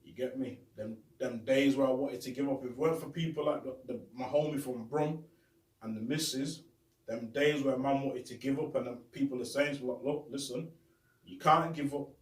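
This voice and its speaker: A man's voice: medium pitch, fairly even intonation, fairly quick, a little mellow. Young man, roomy distant phone audio. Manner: street slang, repetitive, heartfelt. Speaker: show host. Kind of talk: casual shout-out monologue. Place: bedroom. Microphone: phone camera.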